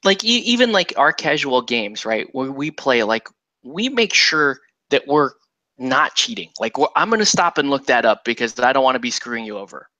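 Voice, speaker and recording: A man's voice: medium pitch, big pitch swings, normal speed, pushed and bright, no echo, lo-fi sound. A man in casual chat as a podcast co-host, easygoing, laughing often and using many fillers.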